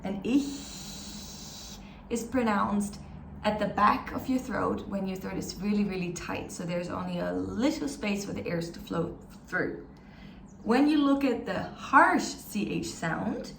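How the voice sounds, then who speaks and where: An upbeat woman language teacher walks through a pronunciation lesson step by step, demonstrating sounds slowly and encouragingly. Her medium-pitched voice is animated, gravelly and a bit bright. She's slightly off-mic in an echoey room, with faint ambience and a little hiss or hum.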